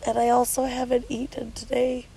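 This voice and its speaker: A worn-out woman talks frankly to the camera while sitting at the beach, her voice crackling with gravelly fry. She sounds drained and tearful, with a stuffy nose, and her rambling talk is blunt and full of swearing. Soft outdoor ambience sits faintly behind her. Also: a little high, flat delivery, normal speed. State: exhausted and sleep-deprived. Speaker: vlogger. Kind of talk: candid confessional vlog.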